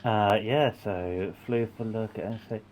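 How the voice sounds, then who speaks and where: A man playing a tabletop game who describes his character's moves and often clears his throat. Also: fairly low pitch, moderate pace, a little mellow, slight background noise. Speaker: player.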